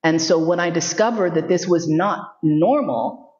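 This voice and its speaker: A New York City woman in her fifties, a sexuality educator, gives a storytelling lecture full of candid, funny anecdotes, acting out the voices she quotes. Her voice is low, unhurried, and darkish, and the recording sounds muffled and roomy.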